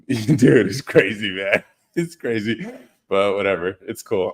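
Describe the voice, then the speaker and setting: A young man with a low-pitched voice hosts a casual live podcast. He rambles through stories, teases viewers and reacts to their comments with easy laughter. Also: lively intonation, slow. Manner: loose, joking, laughs often, reads out viewer comments. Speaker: podcast host. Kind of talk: casual livestream chat.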